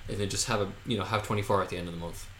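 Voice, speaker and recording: A man's voice: on the low side, fairly even intonation, very fast, fairly bright tone. A man in his twenties co-hosting a podcast, chatting casually and rambling with lots of fillers. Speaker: podcast co-host. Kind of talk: casual chat. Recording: echoey room, faint noise.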